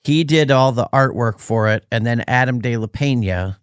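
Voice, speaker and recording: A man's voice: mid-range voice, normal speed, smooth, no room sound, studio quality. A man co-hosting a podcast, telling a rambling story in casual chat and stopping to search for words. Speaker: podcast co-host. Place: Los Angeles.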